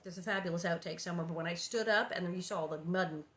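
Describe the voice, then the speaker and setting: A woman's voice: on the low side, steady tone, fast, a bit bright. A woman hosting a read-aloud of a children's book, narrating and breaking off for chatty, amused asides.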